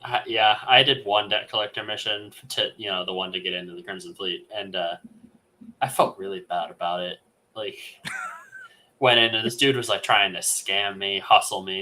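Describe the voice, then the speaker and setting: Bright-voiced man in casual gaming chat. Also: lowish voice, normal speed, slight background noise, poor audio. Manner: rambling, many fillers, animated retelling. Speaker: podcast co-host.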